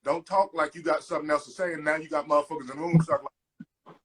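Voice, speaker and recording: A man's voice: fairly high pitch, flat delivery, quick pace, fairly bright tone, slightly rough. A man co-hosting a casual podcast, ranting with lots of swearing and mocking impressions of other people's speech. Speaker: podcast co-host. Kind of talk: casual chat.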